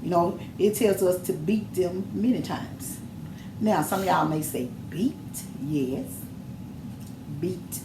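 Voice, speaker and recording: A woman's voice: on the low side, takes it slowly. A middle-aged mother talking on a podcast in an emphatic, preachy storytelling manner. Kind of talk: casual chat. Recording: echoey room with noise.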